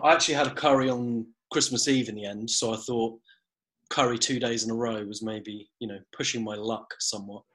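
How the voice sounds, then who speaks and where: A man's voice: medium pitch, steady tone, brisk, fairly bright tone. A man co-hosting a casual podcast chat, with a dry manner, who reads short comic poems aloud. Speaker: podcast co-host.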